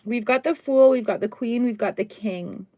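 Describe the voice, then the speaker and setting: A middle-aged woman with a somewhat high voice hosts a casual live tarot reading. She talks in a chatty, upbeat way and throws in quick exclamations as she turns the cards. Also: darkish tone. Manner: chatty, upbeat, exclamations and little sung bits. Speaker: tarot reader hosting a live stream.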